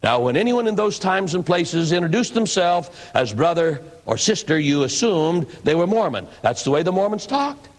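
Man, preacher, slightly higher voice, relaxed conversational storytelling, reflective. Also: moderate pace, hardly any pauses. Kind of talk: storytelling sermon.

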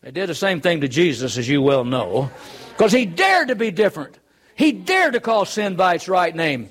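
A man's voice: sits high, big pitch swings, moderate pace. A man preaching a sermon, earnest and emphatic, driving his points home with rhetorical questions.

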